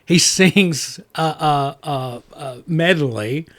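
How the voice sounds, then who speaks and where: A man's voice: on the high side, extremely slow, fairly bright tone. A man co-hosting a movie review podcast, talking in a rambling casual way with lots of restarts. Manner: rambling, many restarts and fillers. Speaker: podcast co-host.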